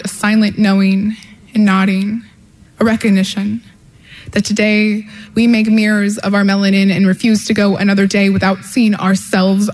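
A woman performing spoken word poetry in a lyrical, measured, rhythmic way. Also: mid-range voice. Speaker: poet. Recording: echoey hall.

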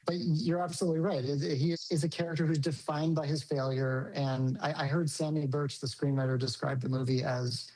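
A man's voice: fairly high pitch, flat delivery, fairly quick, hardly any pauses, a little mellow, rough recording. A man, a film director, answering interview questions thoughtfully with hesitations and restarts.

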